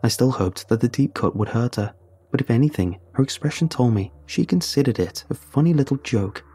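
A man narrating a first-person horror story in a steady, measured way. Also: mid-range voice, breathy edge.

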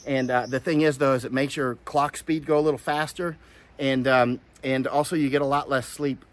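A man's voice: medium pitch, steady tone, normal speed. A man from Florida giving casual commentary, rambling with many restarts and fillers. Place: outdoors, in hot weather.

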